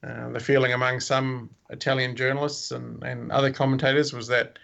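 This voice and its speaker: A man co-hosts a podcast in a gravelly, bright voice. He talks hesitantly and works his thoughts out as he goes. The recording sounds dull and lo-fi. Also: mid-range voice, level tone, a little fast. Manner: hesitant, thinking aloud. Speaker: podcast co-host. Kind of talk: casual podcast chat.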